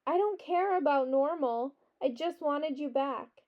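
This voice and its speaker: A woman's voice: sits high, a little slow. A woman reading as a worried, tearful mother. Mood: heartfelt. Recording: dull lo-fi recording.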